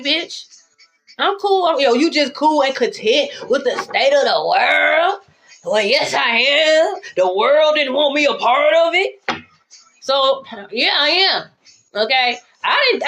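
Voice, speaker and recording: A high-pitched woman gives a casual tarot reading. She talks brashly and swears freely, drifting into playful sing-song lines. A faint hiss of noise sits under the recording. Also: sharp tone. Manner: brash, profane, sings along and shifts pitch playfully. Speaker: tarot reader.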